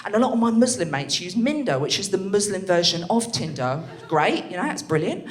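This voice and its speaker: Talking into a handheld mic on a club stage, a young woman performs a brash, crude stand-up set. Her mid-range voice runs a little fast, animated and punctuated by bursts of laughter, and the room sounds echoey.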